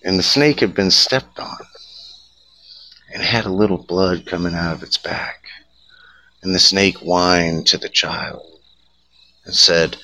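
Host: man, low and bright-toned, folksy campfire storyteller, crickets chirping behind. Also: takes it slowly, pauses often, rough recording.

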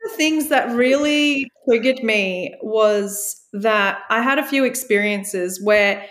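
A woman's voice: fairly high pitch, slow pace. A woman with a raised, light voice shares a candid personal story as a podcast guest. She is reflective and unguarded and bounces up when she quotes herself. The room rings around her. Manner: reflective, acts out her own past lines in a bright voice. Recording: echoey room.

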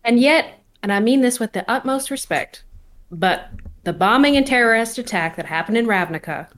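A woman playing a character in a tabletop role-playing game, arguing politely and in a measured way. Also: on the high side, animated, fairly bright tone. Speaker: player.

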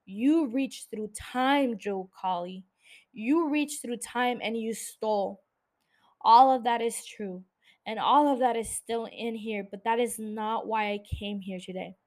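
A woman reading the lines of a wounded woman who confronts the man who shot her, speaking in a measured, bitter way that turns forgiving. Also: on the high side, darkish tone.

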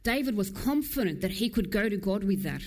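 A woman preaching a sermon in a church, earnest and emphatic. She speaks at a mid pitch and moves between fast, pressing passages and slow, low, drawn-out lines. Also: sing-song, a little mellow.

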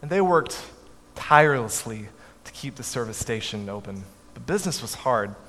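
A man telling a family story to an audience in a measured way, with his voice dropping softly at the ends of lines. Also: mid-range voice, animated. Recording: echoey hall, faint background noise.

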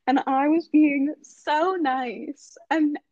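A young woman co-hosting a podcast in casual chat, giggly and animated as she tells stories. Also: high-pitched, slow, dry recording, lo-fi sound. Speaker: podcast co-host.

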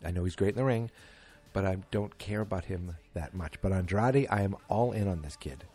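A middle-aged man with a lowish voice hosts a casual chat show, rambling through his thoughts with plenty of ums and dry, self-mocking humor. Faint music plays underneath him. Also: brisk, dark tone. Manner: rambling, wry, self-deprecating, many fillers. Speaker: podcast host.

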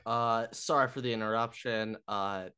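A man's voice: mid-range voice, fairly even intonation, normal speed, a loud crowd. Joking young man on a sports podcast. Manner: joking, with filler-heavy restarts. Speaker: podcast co-host. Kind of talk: casual sports chat.

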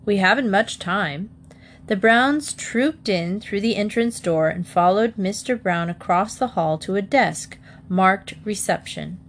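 A woman narrating a children's storybook aloud in a measured, expressive way. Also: mid-range voice. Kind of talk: audiobook narration.

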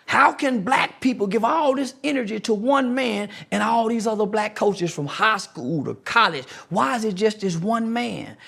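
A man's voice: high voice, vocal fry, husky. A man being interviewed who argues in a preachy, confrontational way, hammering the same rhetorical questions again and again. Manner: mocking impressions in a raised voice. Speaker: guest. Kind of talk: heated podcast interview.

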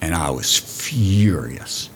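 Animated storytelling man, low voice. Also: slow pace, a little hiss or hum. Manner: animated, profane, laughs through his stories. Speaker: diving program director. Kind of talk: storytelling in a podcast interview. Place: recorded on location at a college.

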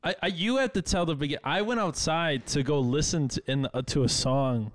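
A man's voice: on the high side, brisk, no echo. A young man from the American Midwest, co-hosting a podcast, telling a bar story in casual chat with laughter and swearing. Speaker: podcast co-host.

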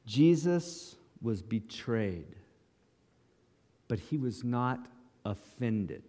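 A man's voice: medium pitch, expressive, drawn-out words, mellow, long reverb tail. A male pastor preaching a sermon in short, dramatic, emphatic lines.

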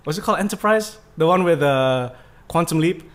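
Lively high-voiced man chatting. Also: a little fast. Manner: animated, laughs often, repeats himself when excited. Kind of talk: casual chat.

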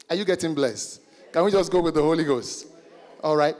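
A pastor preaches with emphasis and keeps calling out to his listeners. His voice sits high for a man. It rings through a reverberant church hall with soft music underneath. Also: a little fast. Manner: emphatic, calls out to the congregation. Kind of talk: sermon.

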